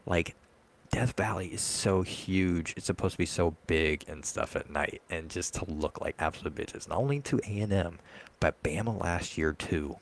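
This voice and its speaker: Man, very deep, gravelly, heated sports rant. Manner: heated, ranting fan. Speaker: podcast co-host. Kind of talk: casual sports chat.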